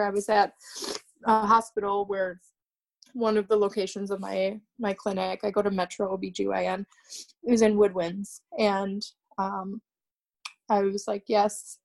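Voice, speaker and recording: A woman's voice: medium pitch, steady tone, creaky. Young woman telling a painful story. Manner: halting, repeats herself, many restarts. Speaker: podcast guest. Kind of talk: emotional personal storytelling.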